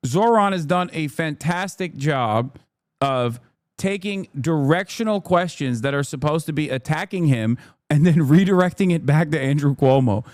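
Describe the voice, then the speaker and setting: A man reacting live on stream with a slightly raised pitch. He talks loudly and swears freely, with animated outbursts. The sound is dry and close. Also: normal speed, no room sound. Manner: loud, profane, animated outbursts.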